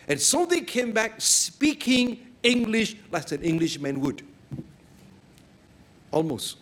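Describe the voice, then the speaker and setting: Preaching a sermon, a man with a voice that sits high tells stories in a lively way, breaking now and then into sudden loud exclamations.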